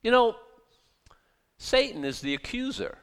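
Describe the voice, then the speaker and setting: A pastor preaching a sermon with animated, emphatic delivery, often repeating and restarting phrases as he builds to forceful points. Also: very high voice, a little slow.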